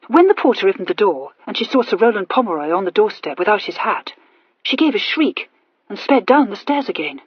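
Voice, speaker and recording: A woman narrating an audiobook in even, measured storytelling. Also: mid-range voice, breathy edge, no room sound. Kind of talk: scripted narration. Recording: dull lo-fi dry recording.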